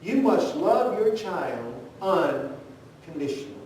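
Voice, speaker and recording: A man's voice: sing-song, slow, a little mellow. A man preaching a sermon, telling a story earnestly and putting direct questions to his congregation. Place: church sanctuary. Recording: very echoey church, voice from far off, faint rumble.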